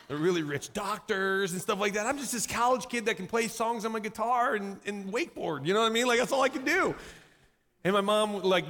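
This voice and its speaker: A pastor telling a personal story in a sermon, animated and self-mocking, laughing often at himself. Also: male voice, high voice. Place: church sanctuary. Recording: echoey hall reverb.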